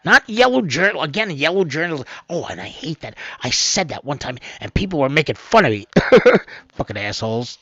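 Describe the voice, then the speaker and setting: Gravelly guy doing homemade news commentary, rambly, loud then mumbly, dull lo-fi mic. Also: big pitch swings, normal speed, no room sound. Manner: rambling, restarts often, swings between loud outbursts and low mutters. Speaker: host of an amateur news channel. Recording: dull, lo-fi, dry sound.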